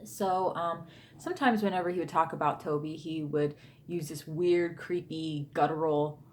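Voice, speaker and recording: A woman's voice: low-pitched, steady tone, normal speed, a little hiss or hum. A woman in her thirties telling a true ghost story to camera in a chatty storytime vlog, with lots of fillers and asides. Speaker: YouTuber.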